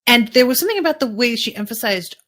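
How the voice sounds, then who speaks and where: A woman's voice: fairly high pitch, expressive, quick pace, fairly bright tone. A woman hosting a podcast, chatting casually through an episode recap, musing and thinking aloud with lots of fillers. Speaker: podcast host.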